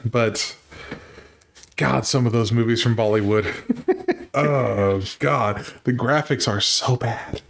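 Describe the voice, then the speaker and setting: Guy hosting a podcast, quick scripted intro then casual banter. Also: mid-range voice, fairly even intonation, gravelly, slight background noise. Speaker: podcast host.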